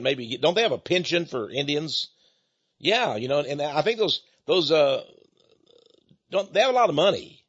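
A man's voice: mid-range voice, husky, dry recording. A man, talking to his listeners in a folksy, meandering monologue. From Texas. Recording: dull, lo-fi dry recording.

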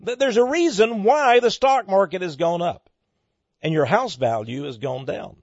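A man with a fairly high, animated voice, preaching his take on the day's headlines. He leans hard into rhetorical questions and swings between loud and hushed. The recording is dry and dull, with a lo-fi sound. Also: normal speed, vocal fry, no room sound. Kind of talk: preaching commentary on economic news.

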